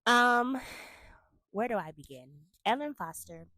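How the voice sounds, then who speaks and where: A woman hosting a casual movie review, chatty and animated as she retells scenes with emphatic asides. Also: fairly high pitch, unhurried, dry recording, studio quality.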